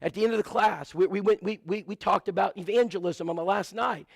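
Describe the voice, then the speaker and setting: A man's voice: high-pitched, fairly quick, vocal fry, dry recording. A man preaching a sermon, telling stories and rattling off lists of supplies with asides to the congregation. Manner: storytelling with many lists and asides.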